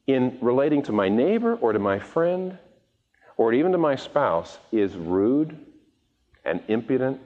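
In a large, reverberant hall, a male pastor delivers a sermon in an animated, mid-range voice that ranges widely. He frequently restarts by repeating a word and performs the voices of people he quotes, all captured in a dull, muffled recording.

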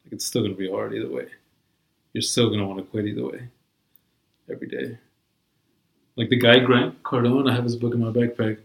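A man's voice: medium pitch, fairly even intonation, fairly quick, gravelly, pauses often, roomy sound, poor audio. A man in casual chat, talking in a rambling, profane way full of "like" and "you know".

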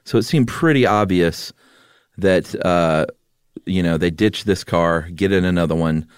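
A man's voice: deep voice, a little slow, smooth, no echo, studio quality. A man co-hosting a podcast, recounting events in casual chat with light humor. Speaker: podcast co-host.

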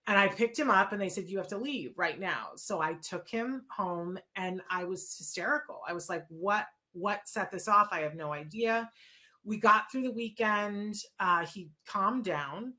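A middle-aged woman, a guest in an interview, telling a personal story in a lively way, acting out what people said and restarting her sentences. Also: mid-range voice, moderate pace, few pauses. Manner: lively retelling with quoted dialogue and restarts.

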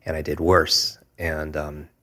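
Very deep, flat-voiced man telling his story. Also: slow pace. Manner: earnest, reflective, with frequent hesitations and filler words. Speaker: guest. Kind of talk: personal storytelling in conversation.

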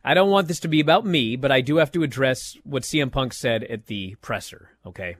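A man hosting a podcast, telling a story in casual chat with animated delivery and frequent restarts. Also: mid-range voice, fairly quick, no echo, studio quality. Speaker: podcast host.

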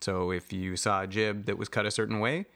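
A man's voice: fairly low pitch, steady tone, fairly quick, fairly bright tone. A man co-hosting a casual chat, wry and often laughing as he explains things. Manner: wry, laughing, breaks into mock voices.

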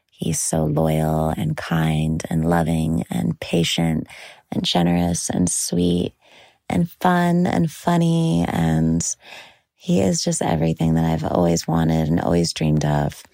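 A young woman chats casually to the camera in a gushing, drawn-out way, full of "like"s. Her voice is low and mellow, with a strong gravelly fry and a breathy edge. She sounds close and dry, with no room around her. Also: no room sound. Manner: gushing, slow and drawn-out with frequent "like". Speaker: bride promoting her docuseries. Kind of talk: casual personal talk to camera.

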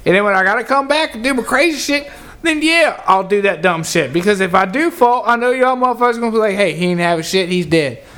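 A man telling a loud, profane work story in casual podcast chat, acting out his coworkers as he goes. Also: extremely high pitch, quick pace. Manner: animated storyteller, acts out coworkers, heavy cursing.

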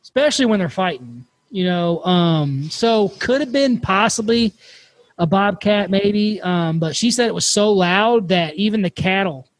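A man hosting a podcast, telling a campfire story in a casual, animated way and swearing freely. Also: high-pitched, a little slow, no room sound. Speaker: podcast host.

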